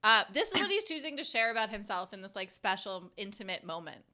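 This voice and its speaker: Bright, chatty young woman co-host. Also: medium pitch, big pitch swings, fast. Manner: chatty, full of "like" and giggles. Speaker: podcast co-host. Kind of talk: casual chat reviewing a movie.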